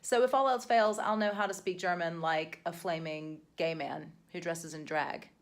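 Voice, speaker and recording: An American woman vlogger chatting to camera in a casual, animated way, full of jokes and sassy asides. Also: on the low side, normal speed. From United States.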